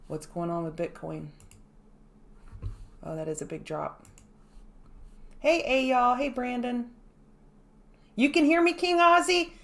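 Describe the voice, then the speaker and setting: A woman hosting a morning trading livestream, greeting viewers by name and explaining market moves in a casual, chatty way. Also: on the high side. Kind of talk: casual live-stream chat.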